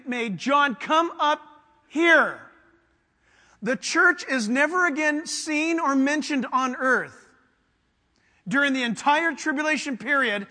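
A man preaching with fervent, emphatic energy, his voice pitched very high and ringing bright. He puts questions to the congregation as he teaches. The sound carries a long reverb from a church sanctuary. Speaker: pastor. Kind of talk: sermon.

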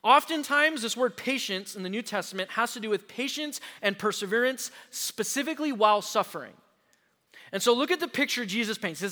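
A man pastor preaching a sermon to his congregation, emphatic and slowing down to stress key words, recorded in a church sanctuary. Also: high voice, expressive, sharp tone. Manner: addresses the congregation directly. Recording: long hall reverb.

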